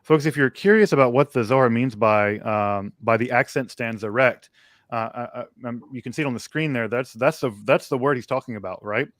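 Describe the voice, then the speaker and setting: A man co-hosting a live text study, explaining in a measured, thoughtful way with frequent fillers. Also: mid-range voice, fairly bright tone, no room sound, studio quality. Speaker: co-host of a text study livestream. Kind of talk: conversational scholarly explanation.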